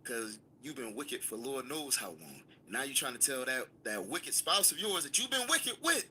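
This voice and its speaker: A man's voice: mid-range voice, very animated, normal speed, sharp tone, a little hiss or hum. A man leading a scripture class, emphatic and commanding, calling on a student to read. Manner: emphatic, commanding, call-and-response. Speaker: Bible class teacher.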